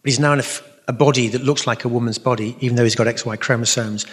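A man's voice: mid-range voice, steady tone, quick pace, fairly bright tone. A man answering audience questions as a Catholic speaker and musician, telling stories in an earnest, rambling way with many asides. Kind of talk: storytelling talk with audience Q&A. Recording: reverberant hall.

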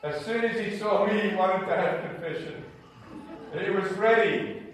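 A man speaks as a prison minister, his voice high and his delivery slow and heartfelt. He leans on key phrases and draws them out. The sound comes from well back from the mic and rings through a very echoey space. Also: distant mic. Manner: earnest and heartfelt, with drawn-out emphatic phrases. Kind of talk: spoken testimony and sermon.

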